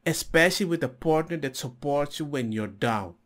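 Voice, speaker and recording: A man's voice: a little high, lively intonation, normal speed, fairly bright tone. A man hosting a reaction video who comments in an indignant, sarcastic way. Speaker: host reacting to a clip.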